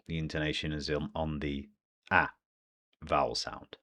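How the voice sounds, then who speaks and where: A man with a British accent teaching English pronunciation, slowly modelling phrases one by one. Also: rumbling low, fairly bright tone. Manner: slow, deliberate modelling of phrases. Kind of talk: pronunciation lesson.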